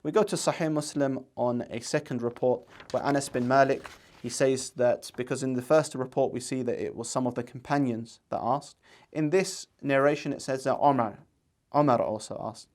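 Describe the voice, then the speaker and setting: Man, religious presenter, earnest, argumentative, recites arabic quotations, mid pitch. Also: fairly even intonation, normal speed, darkish tone. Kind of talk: explanatory religious commentary.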